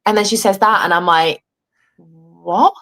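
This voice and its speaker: A young woman with an English accent talks through her story from home in a casual interview. She is animated and swears freely. She voices other people's lines as she retells what happened. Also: mid-range voice, quick pace. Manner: animated, swearing, acting out quoted dialogue. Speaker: reality show contestant, guest.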